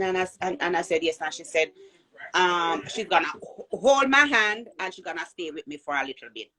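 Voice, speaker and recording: A woman with a Jamaican accent telling a personal birth story in an animated way, acting out the voices of people she quotes. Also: on the low side, brisk. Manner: animated, acts out quoted voices, repeats and restarts.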